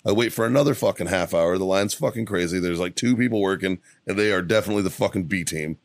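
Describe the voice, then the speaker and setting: Low-voiced man telling profane stories. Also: fast, no room sound. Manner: profane, rambling anecdotes. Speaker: podcast co-host. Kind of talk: casual storytelling chat. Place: studio.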